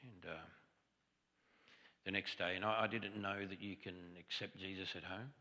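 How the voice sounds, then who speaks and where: The guest preacher speaks in a deep, steady voice with a sharp tone at normal speed, giving a testimony sermon in a large church sanctuary. His delivery is conversational storytelling laced with self-deprecating humor.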